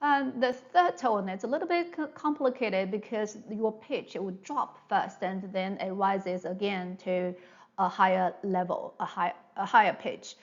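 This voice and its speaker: A woman with a medium-pitched voice gives a slow online Mandarin pronunciation lesson at a measured pace, and the high frequencies are cut off. She is patient and repetitive, drawing out sounds to demonstrate them and often checking in with "all right?"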